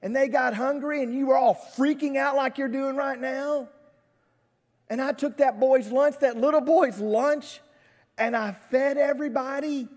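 A man's voice: very high voice, fairly even intonation, very slow, pauses often, a bit bright, pitched above the performer's own voice, full character voice. Preacher acting out an exasperated teacher scolding his followers. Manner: raised, incredulous, rhetorical questions. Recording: church livestream with long hall reverb.

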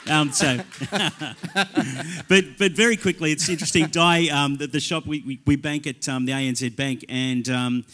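A man's voice: fairly high pitch, steady tone, moderate pace, pushed and bright. A middle-aged man pastor chatting casually in a live church talk, rambling with many ums and little jokes.

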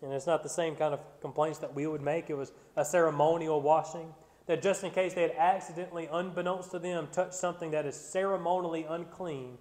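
A man's voice: on the high side, darkish tone. A man preaching a Bible study sermon, reading scripture and then explaining it with growing emphasis and frequent restarts. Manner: repeats words when restarting. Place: church sanctuary. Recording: church sanctuary with long reverb.

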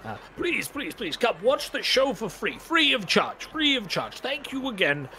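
Man playing a high-pitched fawning showman, gushing, pleading, tabletop game character, faint room noise. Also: big pitch swings, normal speed, bright, forceful tone, exaggerated voice. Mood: effusive. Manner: effusive, gushing, repeats his pleas. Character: fawning older male freak-show showman.

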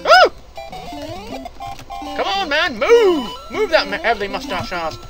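A gaming commentator talking casually through retro games, excitable, yelping, laughing and cursing mildly at each mistake. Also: high-pitched, a little slow. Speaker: gameplay commentator. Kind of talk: casual let's-play commentary. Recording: game music playing behind.

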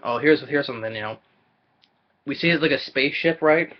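Man, ranting trailer reaction, stammering restarts, mid-pitched voice, dull lo-fi recording. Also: a little fast. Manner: stammering, repeats himself, exasperated. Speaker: movie reviewer vlogger.

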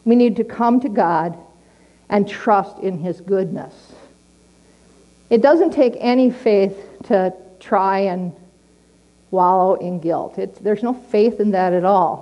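With slow repetition of key lines for emphasis, a middle-aged woman preaches a sermon in a plain, earnest way. Her voice is medium-pitched and the audio is dull.

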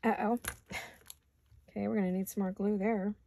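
A woman's voice: medium pitch, level tone, normal speed, gravelly, dark tone, no room sound. A woman hosting a home crafting video, chatting casually and talking to herself as she works, with hiccups. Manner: chatty, talks to herself while working. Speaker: crafting channel host.

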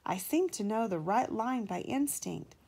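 A woman's voice: fairly high pitch, expressive, a little slow, creaky, a little mellow, breathy edge, heavily acted. A pompous, boastful big steam engine from a children's storybook, talking down to the younger engines, as a mother reading aloud puts him on. He speaks in a raised, lofty, self-satisfied tone. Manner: pompous, patronising.

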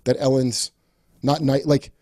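A man's voice: mid-range voice, level tone, measured pace, mellow, no echo, studio quality. A man hosting a comedy podcast, riffing in casual chat with a sardonic, profane edge. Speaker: podcast host.

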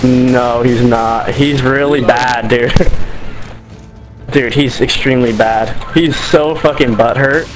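A man's voice: mid-range voice, fairly even intonation, slow, over music, rough recording. A man trolling other players over voice chat, taunting and boastful. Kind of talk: profane gaming voice chat.

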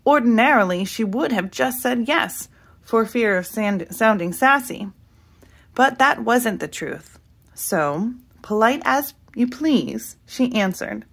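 A woman reading a children's picture book aloud in an expressive narrating voice. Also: on the high side, slow pace, creaky, breathy edge. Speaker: storybook reader.

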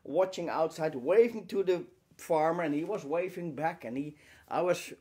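This man's inspirational lecture comes in short, emphatic phrases broken by pauses, loaded with rhetorical questions and repeated key words. His voice is a little high and husky, with a darkish tone.

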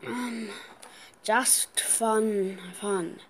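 A woman giving casual gameplay commentary, excitable, gasping and squealing at the game, with playful sing-song chanting. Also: a little high, very slow.

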